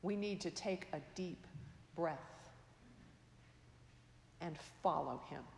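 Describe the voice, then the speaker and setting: A woman preaching a sermon in a slow, measured, reflective way, her phrase endings trailing off softly. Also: fairly low pitch, creaky, a little hiss or hum. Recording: echoey hall, long reverb.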